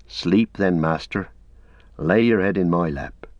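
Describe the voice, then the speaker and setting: A loyal, plain-spoken hobbit servant talks in a low, homely, earnest way, as a man reads him. The sound is dry and slightly dull, like an older audiobook recording. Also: a little slow, dry recording. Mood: tender. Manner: homely, earnest, a bit gruff.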